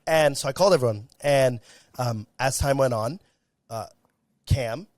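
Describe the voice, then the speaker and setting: A young man being interviewed, telling a story in a lively, casual way and acting out the voices of the people in it. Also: medium pitch, measured pace, dry recording, studio quality. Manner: animated, acts out quoted dialogue. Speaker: guest, content creator.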